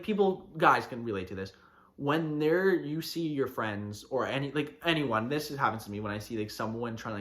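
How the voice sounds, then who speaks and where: A man's voice: mid-range voice, a bit bright. A man hosting a podcast, ranting and mocking in a casual, fired-up monologue. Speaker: podcast host.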